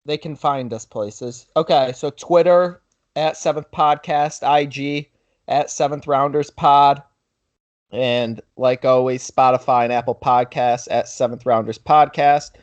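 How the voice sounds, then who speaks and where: A man's voice: mid-range voice, fairly even intonation, a little slow, dry recording, lo-fi sound. A young man hosts a casual podcast, rambling through an anecdote with "like" in nearly every phrase. His voice sits mid-range for a man and sounds close and dry, with no room around it. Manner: rambling storyteller, heavy use of "like". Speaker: podcast host. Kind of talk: casual podcast chat and storytelling.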